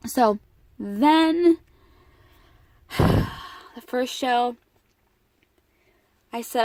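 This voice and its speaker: A woman's voice: fairly high pitch, animated, extremely slow, long pauses, darkish tone, no room sound. A teenage girl telling a personal story to her camera in a casual vlog, emotional and rambling with frequent restarts. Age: teens. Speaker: vlogger.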